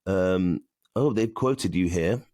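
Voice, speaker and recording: A man's voice: deep voice, slow pace, warm tone, no room sound, studio quality. A man co-hosting a podcast, chatting casually and reading out plugs and notices. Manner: chatty, reads plugs and notices aloud with fillers. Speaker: podcast co-host. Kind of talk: casual chat.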